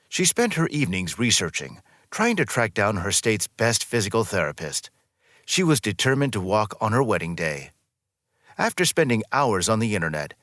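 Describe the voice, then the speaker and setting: A man with a low voice narrates a scripted story, his pitch rising and falling in a lively way. The reading is smooth and even, close to the mic, with a dry sound and no room echo.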